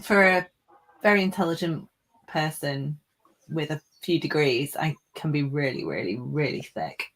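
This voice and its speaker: Chatty woman with a lowish voice. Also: expressive, moderate pace, fairly bright tone. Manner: chatty, self-deprecating. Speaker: podcast co-host. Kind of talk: casual football watchalong chat.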